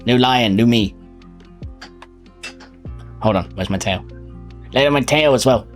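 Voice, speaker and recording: A man's voice: mid-range voice, measured pace, faint music behind. A man chatting casually on a live stream, greeting viewers by name and laughing often.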